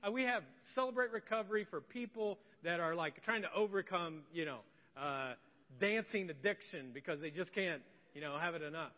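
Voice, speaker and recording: Pastor, male, 30s, high voice, preaching in a reverberant church, slightly muffled sound. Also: a little fast, hardly any pauses. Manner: swings from hushed confessional to loud indignant. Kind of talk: sermon. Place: church sanctuary. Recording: echoey hall, slightly dull.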